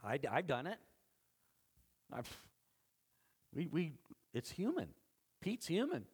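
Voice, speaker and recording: A male pastor giving a conversational sermon, with a voice that swells louder when he presses a point. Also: fairly high pitch, wildly swooping pitch, takes it slowly, long pauses, slightly rough.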